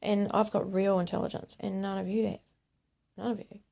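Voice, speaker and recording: A woman delivering a rambling monologue to camera, often dropping to a hushed whisper. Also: medium pitch, level tone, moderate pace, vocal fry. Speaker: video blogger.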